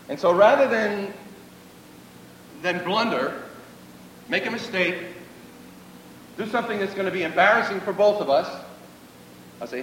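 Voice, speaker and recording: Male preacher, high lively voice, earnest, repeats for emphasis, far from mic in a reverberant hall. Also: measured pace, long pauses. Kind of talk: sermon. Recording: echoey hall, distant mic, faint rumble.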